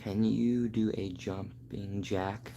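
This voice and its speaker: A man's voice: fairly low pitch, fairly even intonation, slow pace, creaky, background noise. A man, a voice actor streaming live from home, chatting casually with his viewers. He jokes and stammers while reading chat aloud.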